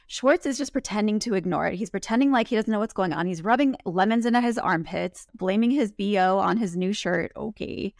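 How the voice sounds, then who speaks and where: A woman with a gravelly edge in her mid-pitched voice, chatting as a podcast co-host. She retells scenes animatedly, slipping into quoted lines. The sound is dry and close. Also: fairly quick, few pauses, a little mellow, dry recording. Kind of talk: casual recap chat.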